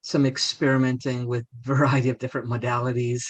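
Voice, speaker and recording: A man's voice: mid-range voice, flat delivery, fairly quick, muffled recording. Hesitant male interview host. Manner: hesitant, with many fillers. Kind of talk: casual interview questions.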